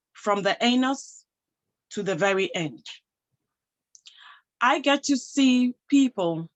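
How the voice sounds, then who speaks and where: A woman's voice: mid-range voice, poor audio. A woman giving a motivational talk to an audience, emphatic, posing rhetorical questions and answering them herself. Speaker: motivational speaker and health professional.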